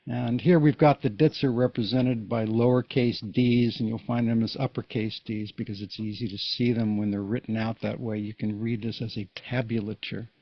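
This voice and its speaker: A man's voice: mid-range voice, steady tone, normal speed, few pauses, no room sound. A man giving a casual, patient Morse code lesson, explaining each step in plain words. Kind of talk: casual spoken tutorial. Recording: dull lo-fi recording.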